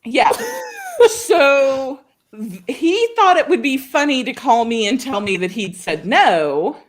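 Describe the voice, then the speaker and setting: A woman from Oklahoma co-hosting a show, telling a story in casual chat with an animated, laughing manner. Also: sits high, takes it slowly. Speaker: co-host of a writing show.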